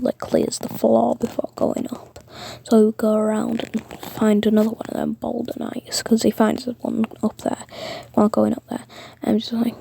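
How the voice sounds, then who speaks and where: A woman's voice: a little high, vocal fry, dark tone, slight background noise. A woman whispering a rambling fan-fiction story, with many fillers and self-corrections. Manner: mostly whispered.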